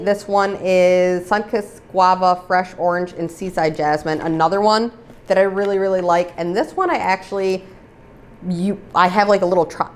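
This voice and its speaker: A woman with a low voice rambles through a casual review vlog, tossing in filler words as she goes. She talks freely and gets a bit heated about products that were taken off the shelves. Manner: chatty, rambling, many "like" fillers; gets heated and exasperated over discontinued products. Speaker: vlogger reviewing used-up products. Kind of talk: casual chat.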